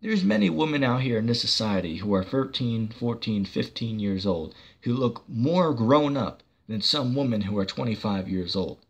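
A man's voice: medium pitch, lively intonation, moderate pace, hardly any pauses, breathy edge. A man preaching on a church channel in a heated, combative monologue, cursing and mocking the person he argues against.

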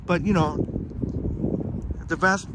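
A man's voice: high-pitched, fairly even intonation, slow pace, very noisy. Chatty man streaming a park walk. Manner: chatty, reads viewer comments aloud by name. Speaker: live-stream host. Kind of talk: casual live-stream walk chat. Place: outdoors in a park, walking. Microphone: phone on a live stream.

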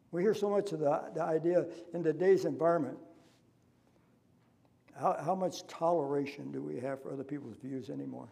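A male pastor delivers an impassioned sermon in a church. His voice is somewhat high yet dark and mellow, with a gravelly fry, and he drives each point home with pointed questions. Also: a little fast. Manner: impassioned preaching with rhetorical questions. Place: church sanctuary.

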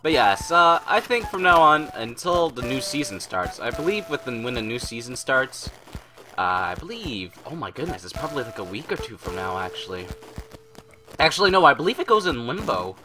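A man casually commenting over his video game, rambling, playful and quick to swear. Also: medium pitch, very animated, bright, forceful tone. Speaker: gaming channel host. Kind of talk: casual let's-play commentary. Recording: game music playing under voice. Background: video game music.

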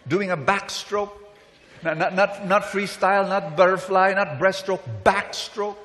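A preacher playing a loud, gleeful restaurant customer. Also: male voice, sits high, fairly even intonation, unhurried, pitched above the performer's own voice. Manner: loud, insistent, over-the-top demands. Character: grown man gleefully ordering disgusting food. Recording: reverberant hall.

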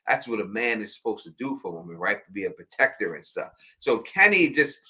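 A man's voice: on the low side, big pitch swings, fairly quick, hardly any pauses, sharp tone. A man co-hosting an after show, giving firm, opinionated views in casual chat and often checking for agreement.

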